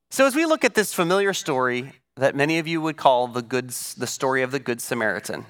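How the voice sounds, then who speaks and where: A man preaching a sermon as pastor at a church service, telling a story in an animated way with dramatic shifts in volume. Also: medium pitch.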